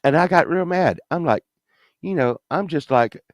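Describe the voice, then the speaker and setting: A man's voice: a little high, lively intonation, moderate pace, no echo. A man in his fifties telling a story in a casual, profane, rambling way, swinging from mumbling asides to indignant rants. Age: 50s.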